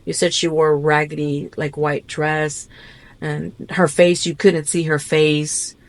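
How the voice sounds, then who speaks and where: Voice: mid-range voice, level tone, a little slow, dry recording. A podcast host interviewing a guest, asking probing follow-up questions with frequent restarts.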